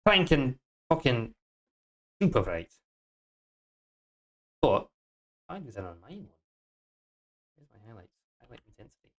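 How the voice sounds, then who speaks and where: A game developer talks through his code on a live stream in a put-on Scottish accent. He mutters to himself, cusses freely and bursts out loud when things go wrong. His pitch sits in an ordinary middle range. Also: measured pace, long pauses. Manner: mutters to himself, swears, sudden excited outbursts. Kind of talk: live-coding stream, thinking aloud.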